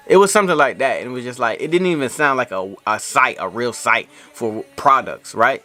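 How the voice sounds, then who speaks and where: A man vlogging an indignant storytime rant, animated and repeating himself as he retells the story. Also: medium pitch, fairly quick.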